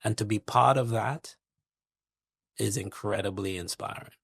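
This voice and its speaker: A middle-aged man from Trinidad, a guest investor speaking in a measured, reflective interview manner, building his points with analogies and lists. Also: lowish voice, vocal fry, fairly bright tone, breathy edge, no room sound, clean studio sound.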